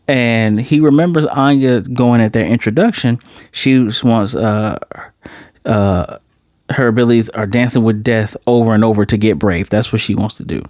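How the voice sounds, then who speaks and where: A man recapping an anime episode in a loose, excited way, jumping into quick voices for the characters and throwing in slang. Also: mid-range voice, no echo, studio quality. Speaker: anime reviewer.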